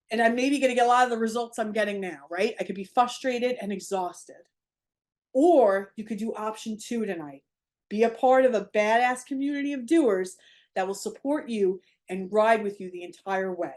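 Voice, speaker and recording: A woman's voice: on the high side, a little mellow. A middle-aged woman giving a motivational talk as a parent coach, emphatic and blunt. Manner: emphatic and blunt, with quick acted quotes.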